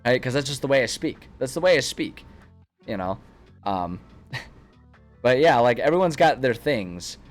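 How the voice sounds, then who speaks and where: A man in a casual stream chat, talking at an ordinary middle pitch as he drifts from one digression to another and restarts his sentences. Faint music plays quietly behind him. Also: expressive, unhurried, pauses often. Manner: rambling, self-interrupting, chatty.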